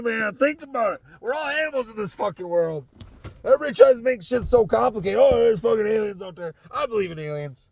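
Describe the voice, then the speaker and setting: A young man with a Southern accent rants alone inside his truck, his voice raspy, gravelly and sore from little sleep. He sits high in his range and swears through every thought. The cab sounds close and dead, with no room echo. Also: expressive, fast talker, a little mellow. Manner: profane, heated and ranting. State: tired, sore voice. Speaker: podcast host. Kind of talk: casual solo rant.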